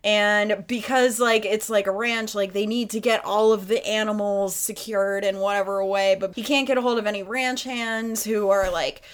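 A woman's voice: medium pitch, normal speed, hardly any pauses. A woman hosting a podcast, recapping a film in casual chat, acting out the characters and swearing freely. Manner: animated storyteller, acts out characters, swears freely. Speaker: podcast host.

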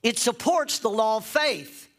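A man's voice: extremely high pitch, measured pace, a bit bright. A man preaching a sermon in an emphatic, insistent way, repeating phrases to drive points home.

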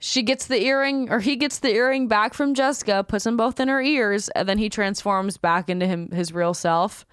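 A woman's voice: medium pitch, moderate pace, hardly any pauses, smooth, no room sound, studio quality. A young woman co-hosting a podcast in casual chat, chatty and full of "like" and swearing. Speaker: podcast co-host.

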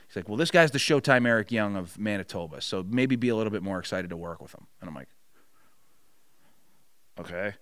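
A man's voice: lowish voice, no echo. A middle-aged man telling a long story in a casual chat, swearing freely and acting out what others said. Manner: profane, animated storyteller acting out quotes. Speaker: podcast guest.

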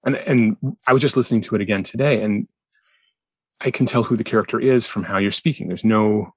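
Low husky man co-hosting a podcast. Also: dry recording. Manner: halting, repeats words. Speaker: podcast co-host. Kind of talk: casual podcast chat.

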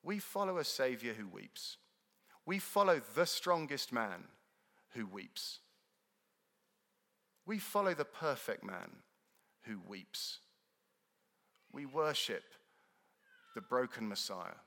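Guy preaching, bright forceful voice, earnest, gets loud then goes quiet, big echoey church. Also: mid-range voice, big pitch swings, a little slow. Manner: earnest, emphatic, swings from loud to hushed. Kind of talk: sermon. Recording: long reverb of a large hall.

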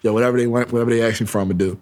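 A man's voice: mid-range voice, steady tone, racing, a little mellow. A young man co-hosting a podcast in casual chat, laid-back and blunt, with frequent chuckles. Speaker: podcast co-host.

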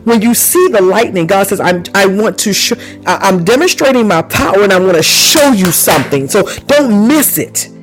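A man's voice: sits high, animated, moderate pace, hardly any pauses, soft background music, low-quality recording. A man preaching a charismatic sermon, fervent and repetitive, with bursts of praise and speaking in tongues. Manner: exclaims praise often.

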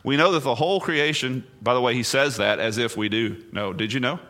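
A man, a pastor, preaching a sermon full of rhetorical questions, swinging between hushed, low passages and emphatic, raised ones. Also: a little fast.

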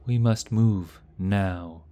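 A man voicing a shaken but steady male knight who speaks firmly and quietly. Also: sits low, a little slow.

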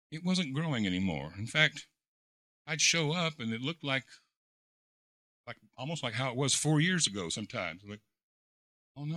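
A man, a pastor, preaching a sermon in a folksy storytelling way, full of repeated words and fillers, moving between quiet reflection and loud, excited preaching. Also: on the high side, no echo, studio quality.

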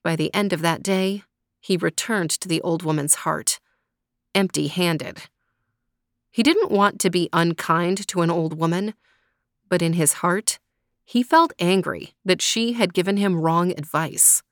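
A woman hosting a children's story podcast, narrating a folk tale in a gentle, measured way. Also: on the low side, no echo, clean studio sound. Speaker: storyteller host.

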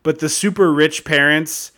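A man with a somewhat high voice co-hosts a podcast in casual chat. He talks emphatically, piling up indignant opinions and asides about the film. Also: fairly even intonation, moderate pace, pushed and bright. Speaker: podcast co-host.

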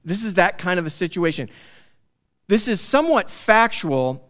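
A man teaching through a Bible passage in a conversational, animated way, often asking his listeners questions. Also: sits high, moderate pace.

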